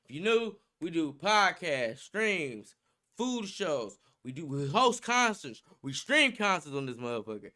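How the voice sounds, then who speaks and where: Young male streamer, high and bright, excitable, profane casual banter. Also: unhurried. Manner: hyped, slangy, profane, laughing often. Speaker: livestream host. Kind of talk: casual livestream chat.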